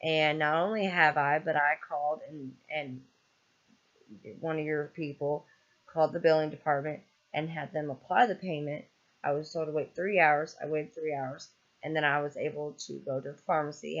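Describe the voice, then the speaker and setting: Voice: medium pitch, steady tone, moderate pace, a bit bright, lo-fi sound. A vlogger ranting in a casual, exasperated way, rambling with lots of ums and swearing freely. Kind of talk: casual vlog rant.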